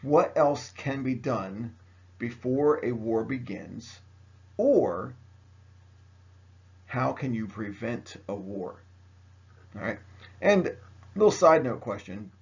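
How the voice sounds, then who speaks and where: A man's voice: mid-range voice, animated, takes it slowly, dull audio. A man teaching a history lesson by video, chatty and joking, speaking straight to his students. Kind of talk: recorded video lecture.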